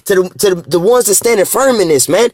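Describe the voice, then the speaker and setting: Man, preachy casual rant, rapid delivery, slightly high voice, dry close sound. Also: animated, darkish tone, no room sound. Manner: profane and repetitive, tags lines with "man"; preachy, scripture-quoting. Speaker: vlogger reading articles aloud.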